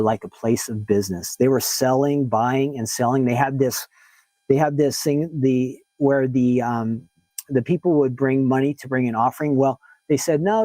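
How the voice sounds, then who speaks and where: A man's voice: mid-range voice, warm tone, dry recording, rough recording. A man leading a casual Bible lesson, reading verses aloud and explaining them plainly in everyday words. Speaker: Bible teacher.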